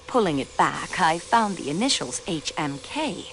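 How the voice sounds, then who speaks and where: The player's investigator in an adventure game, a railway clerk who questions suspects politely but pointedly. Her mid-pitched voice is very lively in its melody, and a faint hiss sits under it. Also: measured pace, heavily acted, low-quality recording. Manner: polite, probing, with French courtesies. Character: young woman railway clerk acting as detective. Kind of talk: voice acting in a video game.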